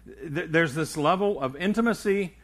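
A man's voice: a little high, normal speed, fairly bright tone. Older man preaching with stammered restarts. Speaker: pastor. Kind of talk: sermon.

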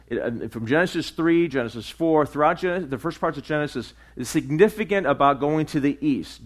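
A man teaching a sermon verse by verse. He talks in a loose, chatty way at a medium pitch, stumbling through fillers and restarts and tagging "right?" onto his points. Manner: conversational, frequent fillers and restarts, asks "right?". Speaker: pastor.

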